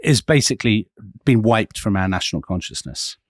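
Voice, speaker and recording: Low-ish guy, really animated, telling history stories on a podcast, dry close mic. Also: moderate pace, dry recording. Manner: animated storytelling, emphatic. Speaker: podcast co-host.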